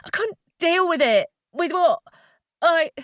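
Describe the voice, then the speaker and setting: A woman voicing an obsessive young man who pleads through tears, his voice breaking and soft. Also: on the high side, moderate pace, no echo, studio quality, close to an everyday voice. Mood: tearful.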